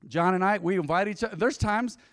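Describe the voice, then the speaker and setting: A man preaching a sermon as pastor, conversational and lively, with sudden loud bursts and quiet drops. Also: high-pitched, brisk, long reverb tail.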